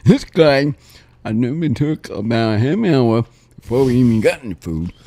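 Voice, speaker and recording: A man's voice: mid-range voice, expressive, normal speed, warm tone, dry recording. A man hosting a casual talk show, rambling and repeating himself as he talks. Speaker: show host. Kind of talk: casual chat.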